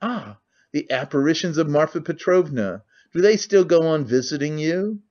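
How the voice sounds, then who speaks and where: Man voicing a terse accusing young man, probing, fairly high voice, lo-fi sound. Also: animated, moderate pace, a little mellow, natural voice. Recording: muffled lo-fi audiobook recording.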